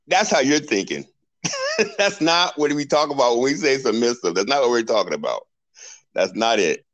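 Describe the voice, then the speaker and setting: A playful male podcast host who laughs easily as he talks. His pitch swings widely, which gives his speech an animated bounce. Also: a little fast, poor audio. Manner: playful, laughs often, lively. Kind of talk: casual podcast debate.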